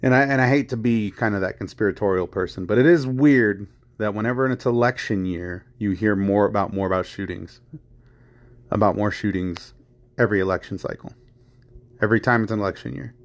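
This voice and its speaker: A man's voice: lowish voice, fairly quick. A man hosting a podcast, talking in a heated, rambling way, repeating phrases, swearing and filling with "you know" and "I mean". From United States. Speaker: podcast host. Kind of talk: casual chat.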